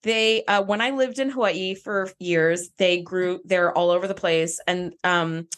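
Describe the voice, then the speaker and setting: A woman's voice: on the low side, fairly even intonation, measured pace, clean tone. A woman co-hosting a podcast, chatting casually and enthusiastically, with frequent laughs. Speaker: podcast co-host. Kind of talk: casual chat.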